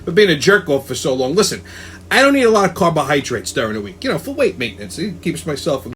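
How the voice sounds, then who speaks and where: High-voiced profane ranting man. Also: very animated, quick pace, a bit bright, a little hiss or hum. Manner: profane, emphatic, repeats words. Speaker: host. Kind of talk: comedic rant to camera.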